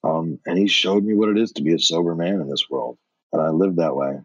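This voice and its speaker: A man's voice: deep voice, fairly quick, no room sound, rough recording. A middle-aged man from New York, a podcast guest telling his life story with blunt, profane energy.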